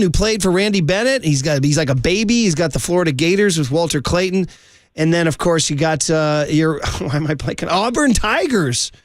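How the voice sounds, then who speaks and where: A man hosting a sports radio show, talking quickly and enthusiastically with lots of laughs. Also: sits high, no echo, clean studio sound. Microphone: studio microphone.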